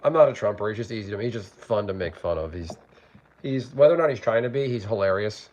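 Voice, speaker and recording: A man's voice: fairly low pitch, expressive, quick pace, a little mellow, muffled recording. A man hosting a casual cooking livestream from his home kitchen, rambling and reading out chat. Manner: rambling, chatty, reads out chat. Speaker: livestream host. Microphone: phone.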